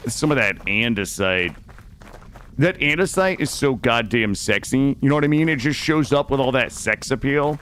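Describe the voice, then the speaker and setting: Animated joking male game streamer. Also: medium pitch, moderate pace, slight background noise. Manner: jokey, profane, chatty, talking to chat. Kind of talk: casual live gameplay commentary. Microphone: studio dynamic mic.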